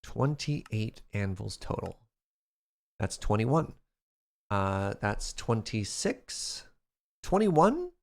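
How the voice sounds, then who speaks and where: On the low side and extremely slow, this man's gravelly voice comes with long pauses. Streaming a building game live, he's animated and playful, talking to the chat and his viewers.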